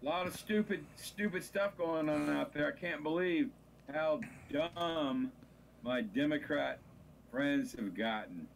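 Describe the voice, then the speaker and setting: Gravelly male attorney on a remote line with faint hiss, blunt and opinionated. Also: on the high side, a little slow, low-quality recording. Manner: grumbling, opinionated. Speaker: radio show guest, attorney. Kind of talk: casual talk radio chat.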